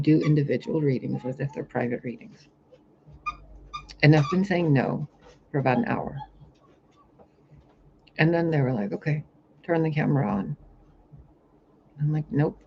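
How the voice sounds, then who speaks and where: A man's voice: fairly high pitch, vocal fry, darkish tone. A man who works as a spiritual reader, describing a vision to camera in a rambling, intense monologue and swearing often. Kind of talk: vlog monologue about a vision. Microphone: camera mic, talking to camera. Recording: dull lo-fi sound with faint hiss.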